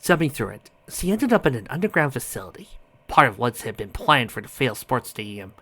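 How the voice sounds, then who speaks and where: A man's voice: medium pitch, very animated, a little fast, pushed and bright. A man reading a fan story aloud, often stumbling over a word and correcting himself. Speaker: audiobook reader.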